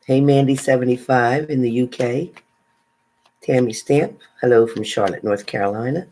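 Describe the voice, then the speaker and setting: A woman's voice: extremely low pitch, normal speed, warm tone, a little hiss or hum, low-quality recording. A woman tarot reader chatting casually on a live stream, reading out viewers' names and sometimes stumbling over them.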